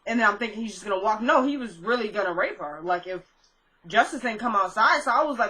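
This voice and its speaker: A woman with a bright, forward voice talks through a TV episode recap. She retells scenes in a chatty, offhand way, slipping into quoted lines and her own asides. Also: mid-range voice, expressive, fast talker, poor audio. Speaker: recap vlogger.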